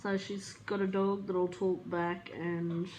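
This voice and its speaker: An Australian woman vlogger tells stories in a rambling, casual chat, laughing easily and swearing now and then, though she seems a little flat today. Her voice sits on the low side and moves slowly. The audio is poor, with slight background noise.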